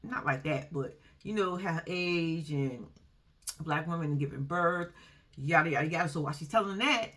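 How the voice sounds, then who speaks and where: A woman's voice: low-pitched, normal speed, a bit bright. A woman giving a casual, blunt recap of a reality show, often laughing and using slang.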